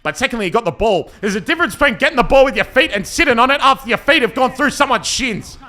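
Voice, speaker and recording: Bright, high-voiced man commentating. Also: fast, a little hiss or hum. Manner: playful, joking asides, bursts into excited shouts. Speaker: football commentator and team player. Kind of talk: jokey amateur match commentary voice-over.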